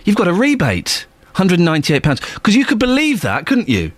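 Male radio host, high voice, very lively pitch, dry sound. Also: moderate pace, dry recording. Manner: jokey, laughs often. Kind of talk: call-in radio chat.

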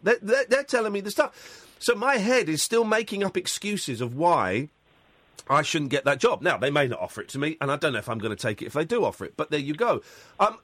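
Male phone-in host, high and animated, emphatic and repetitive; dry studio sound. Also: no room sound. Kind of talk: phone-in talk radio. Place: radio studio. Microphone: studio mic.

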